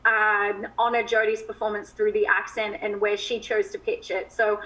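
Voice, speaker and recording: A woman talking as an actress guest in a TV interview, chatty and quick to laugh. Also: medium pitch, flat delivery, bright, forceful tone, low-quality recording. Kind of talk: TV interview chat.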